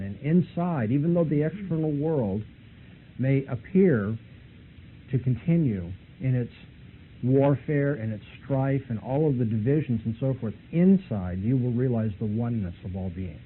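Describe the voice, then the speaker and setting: A man's voice: medium pitch, lively intonation, measured pace. A man lecturing and retelling a debate, pressing his points with rising intensity. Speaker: Christian apologist lecturer. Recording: tinny lo-fi recording, faint hiss.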